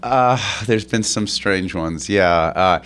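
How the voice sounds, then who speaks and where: An actor being interviewed, telling a long rambling anecdote full of restarts, stammers and laughs. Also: male voice, low voice, slow, a little hiss or hum. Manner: animated, laughs through stories.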